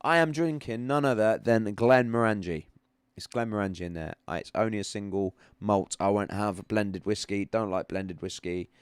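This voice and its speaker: A man's voice: fairly low pitch, normal speed, few pauses, clean tone, no room sound. A man hosting a casual livestream, chatting about charts in a rambling way that repeats itself. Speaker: livestream host. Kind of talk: casual live-stream chat with chart analysis.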